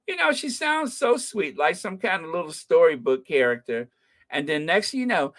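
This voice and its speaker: A woman talks on her live stream in an animated, heckling rant. Her pitch swings widely, jumping high on outbursts and dropping low on asides. She laughs often between points. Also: moderate pace. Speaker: channel host.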